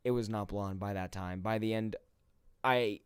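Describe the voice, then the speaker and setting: A man's voice: lowish voice, fairly even intonation, moderate pace, smooth, no echo, studio quality. A man in his twenties telling a story to his viewers in a casual, profane, laid-back way. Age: 20s. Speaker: gaming YouTuber.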